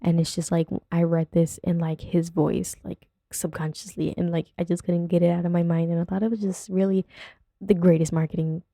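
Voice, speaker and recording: Dark-voiced woman, chatty podcast host. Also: lowish voice, little pitch movement, brisk, creaky, no echo, clean studio sound. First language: not English. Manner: chatty, rambling, easily sidetracked, giggly. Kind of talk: casual podcast chat. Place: at home with her dog nearby.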